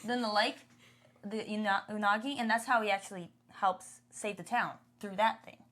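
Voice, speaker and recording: A woman's voice: medium pitch, fairly even intonation, moderate pace, sharp tone, a little hiss or hum. A woman co-hosting a casual podcast, chatting about a show with many fillers and laughs. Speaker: podcast co-host. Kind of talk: casual chat reviewing a show.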